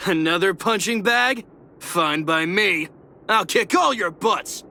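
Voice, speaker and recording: An actor voicing a taunting young miner who leads a gang of bullies in a game. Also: male voice, sits high, expressive, slow, vocal fry, bright, forceful tone, slight background noise, full character voice. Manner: taunting, sneering. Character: mocking young male miner, a bullying ringleader. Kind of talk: game voice acting.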